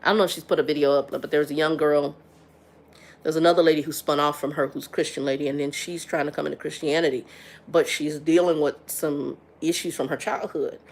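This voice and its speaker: Middle-aged woman host, gravelly and frank, livestream chat, repeats herself. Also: low voice, fairly even intonation, fairly quick. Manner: frank and blunt, stumbles and repeats words.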